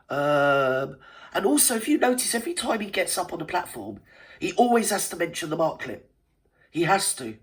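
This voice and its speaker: A woman with a cold, hosting a reaction video in cheeky, gossipy casual commentary with many asides to her viewers. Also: low voice. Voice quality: stuffy, cold-affected voice. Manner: chatty, cheeky and theatrical, with lots of asides to viewers. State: has a cold.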